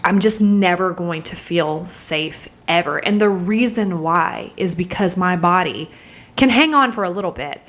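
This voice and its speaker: Unhurried and a bit bright, this woman in her thirties has a fairly low pitch and lively intonation. As a vlogger, she recounts a personal story in a candid, searching manner, now and then slipping into a whisper while reliving moments.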